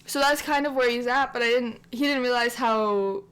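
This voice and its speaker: A woman hosting a game channel gives casual let's-play commentary, narrating her life-sim story in a rambling, chatty style with lots of filler words. Her voice is fairly high-pitched and a bit bright, clean in tone, at a moderate pace.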